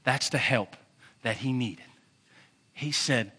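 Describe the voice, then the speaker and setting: A pastor giving a sermon, preaching with emphatic repetition and swinging between loud and hushed delivery. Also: male voice, medium pitch, takes it slowly, breathy edge.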